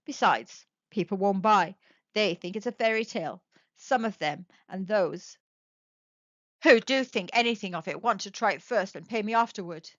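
A woman voicing a solemn old male soldier who speaks gruffly and gravely. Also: mid-range voice, moderate pace, no room sound, close to an everyday voice. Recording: dull dry recording.

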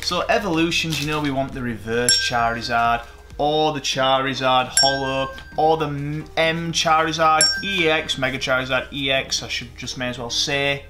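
A man who hosts a card-opening channel, chatting casually as he opens packs. He gets excited, swears and mocks himself. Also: medium pitch, moderate pace, soft background music.

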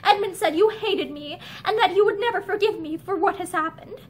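A woman's voice: very high-pitched, brisk. A woman reading aloud voices a distraught young woman full of remorse, pleading and close to sobbing. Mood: remorseful. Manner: emotional, pleading, breaking into sobs.

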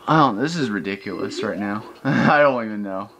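A man's voice: lowish voice, lively intonation, normal speed, a bit bright. A man giving gameplay commentary, ranting in frustration and swearing often. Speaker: let's play host. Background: video game music.

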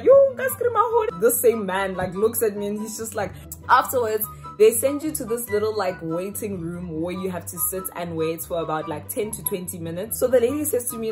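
A young woman from South Africa chats straight to camera in a loose, slangy vlog style, breaking into laughter often. Her nose sounds slightly runny. Faint music plays underneath. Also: medium pitch. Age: young adult. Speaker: vlogger. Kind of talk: casual vlog chat to camera.

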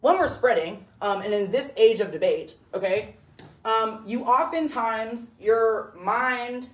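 A woman's voice: on the high side, slow pace, distant mic. Blunt, chatty young woman lecturing. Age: young adult. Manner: blunt, chatty, full of "like" and "okay?". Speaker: debate coach lecturer. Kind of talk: casual classroom lecture. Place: classroom. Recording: roomy classroom, voice from across the room.

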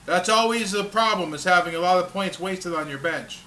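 A man's voice: sits high, a little fast, sharp tone, recorded from a distance. A man hosting his own casual video diary, telling jokes and laughing at them, recorded on a camcorder's built-in mic. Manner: sings a jingle, tells jokes and laughs at them. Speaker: vlog host.

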